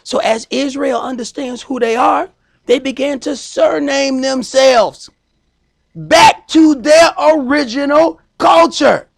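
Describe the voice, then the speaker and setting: A man preaching a sermon as priest, stressing points by slowing down and raising his voice. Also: extremely high pitch, vocal fry. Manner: emphatic preaching, slows and shouts for stress.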